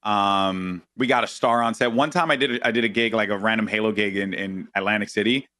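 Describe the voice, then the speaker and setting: A man with a New York accent chatting casually as a podcast guest, telling stories and jumping high when he quotes people. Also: a little fast, no room sound. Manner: animated storyteller, jumps high when quoting people. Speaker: guest, esports and TV commentator.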